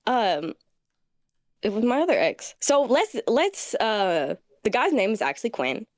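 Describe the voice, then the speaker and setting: A woman caller telling a petty story about her exes to a streamer in an animated, casual way. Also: fairly high pitch, measured pace, dry recording. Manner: animated, petty, acts out quotes. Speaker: caller asking for advice.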